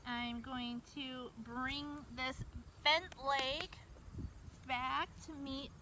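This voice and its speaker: A kids' yoga teacher with a high, steady voice leads children through poses outdoors, speaking to them directly in a gentle, unhurried, encouraging way. She stands far from the camera mic, so she sounds distant, with clear outdoor noise behind her.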